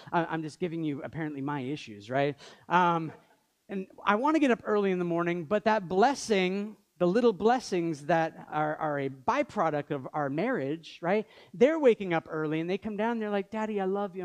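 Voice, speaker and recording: High-voiced joking male pastor. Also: normal speed. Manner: conversational, joking asides. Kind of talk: sermon.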